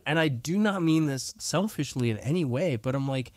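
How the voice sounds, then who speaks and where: A man's voice: a little high, expressive, normal speed, no room sound. A man co-hosting a casual podcast from his own room, venting animatedly and acting out other people's remarks. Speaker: podcast co-host. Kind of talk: casual chat. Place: own room, recording remotely. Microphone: remote recording app.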